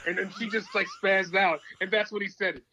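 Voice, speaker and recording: A man co-hosting a sports talk podcast, excitable and quick to laugh. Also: high-pitched, a crowd in the background. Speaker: podcast co-host. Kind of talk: casual sports talk banter. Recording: dull lo-fi mic.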